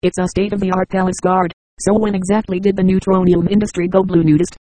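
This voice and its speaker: A synthetic text-to-speech voice reading the lines of a cool, self-assured young prince in an audiobook, flat and unvaried. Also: mid-range voice, brisk, no echo, natural voice, poor audio.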